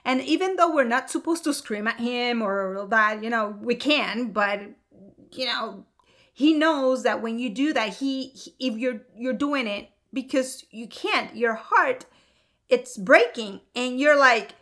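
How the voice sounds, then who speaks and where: High, bright-voiced woman sharing her testimony. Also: animated, unhurried. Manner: earnest and emotional, with laughs. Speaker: mother of two. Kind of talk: personal faith testimony.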